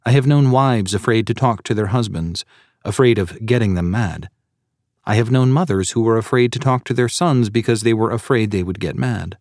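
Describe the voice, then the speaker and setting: A man's voice: fairly low pitch, normal speed, darkish tone, dry recording, clean studio sound. A man narrating a sermon audiobook in an earnest, preaching tone and citing scripture verses.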